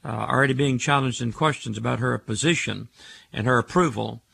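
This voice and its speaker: A man's voice: medium pitch, fairly quick, creaky, bright, forceful tone. An older man hosting a call-in radio show, preaching emphatically and stacking words into rhythmic lists.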